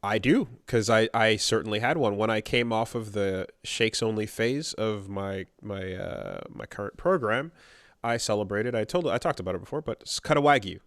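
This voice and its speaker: A man's voice: on the low side, normal speed, no room sound, clean studio sound. A man co-hosting a podcast, reading listener emails aloud and chatting casually. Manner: relaxed, reads letters aloud. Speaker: podcast co-host.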